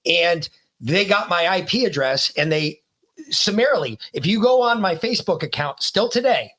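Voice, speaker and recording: High-pitched man telling a story. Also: expressive, normal speed, fairly bright tone. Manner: storytelling, emphatic. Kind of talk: casual chat.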